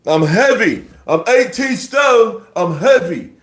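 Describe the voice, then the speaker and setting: A man doing a mocking impression of a British heavyweight boxer making excuses, in an exaggerated British accent, loud and whiny. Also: high voice, expressive, slow, reverberant, voice pushed up, full character voice. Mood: whining. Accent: mock British.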